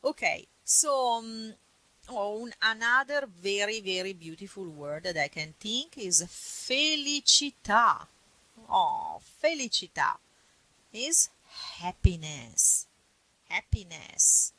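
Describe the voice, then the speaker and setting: A woman's voice: medium pitch, expressive, slow, a bit bright, rough recording. A woman teacher with an Italian accent, a native Italian speaker, patiently explaining grammar and repeating words. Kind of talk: classroom grammar lesson.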